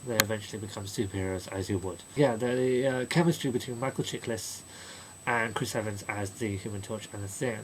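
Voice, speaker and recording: Chatty, rambling man with a low voice. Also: noisy background. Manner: chatty and rambling, mimics characters in quick asides. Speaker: movie reviewer. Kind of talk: casual spoken film review.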